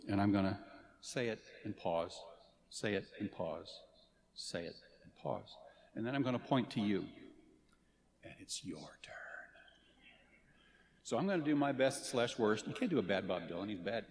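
A man giving a commencement speech as a faculty speaker, earnest but playful, with dramatic pauses. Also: lowish voice, noisy background. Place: large ceremony hall. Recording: reverberant hall, faint ambience.

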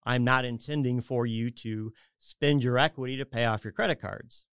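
A man's voice: mid-range voice, steady tone, moderate pace, a bit bright, clean tone, no echo, studio quality. A man on a radio show casually explaining home equity and debt, rambling and correcting himself as he goes. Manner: rambling, self-correcting, acts out clients' voices. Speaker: mortgage advisor guest.

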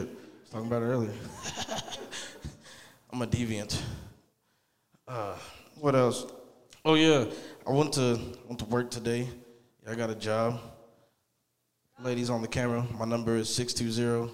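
A man's voice: medium pitch, fairly even intonation, normal speed, long pauses. A man doing a loose, rambling stand-up set, crude and laid-back. His voice sits mid-range and carries a long club reverb. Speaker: stand-up comedian. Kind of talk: open-mic stand-up set. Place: small comedy club.

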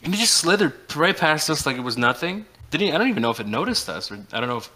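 A man's voice: a little high, quick pace. A man co-hosting a casual podcast, telling stories animatedly and acting out quoted lines. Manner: animated storyteller, acts out quotes. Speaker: podcast co-host. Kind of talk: casual chat.

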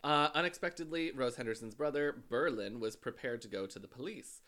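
A man casually telling a true-crime story as a podcast host, halting often with filler sounds. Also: mid-range voice, fairly bright tone.

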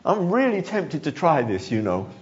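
A man preaches a sermon in a high voice with lively rises and falls. He acts out the story and chuckles as he goes. The recording sounds dull and lo-fi. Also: moderate pace. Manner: animated storytelling, acting out quotes, chuckling.

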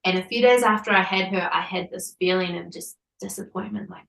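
A woman in her thirties, a podcast guest, tells a personal story in an animated way, laughing often and saying "like" a lot. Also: on the low side, brisk, creaky, reverberant, far from the mic, poor audio. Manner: animated, laughing, many likes.

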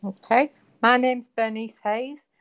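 A woman's voice: fairly high pitch, steady tone, slow pace, a bit bright. A woman from Manchester with a Mancunian accent, a volunteer speaking cheerfully and eagerly in an interview. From Manchester, England.

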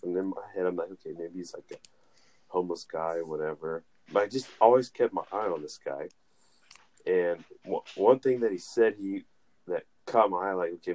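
A man with a very deep voice chats on a podcast. He tells his stories loosely, with many restarts and fillers, and laughs as he talks. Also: a little mellow. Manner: rambling, laughs while telling stories. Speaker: podcast co-host. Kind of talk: casual storytelling.

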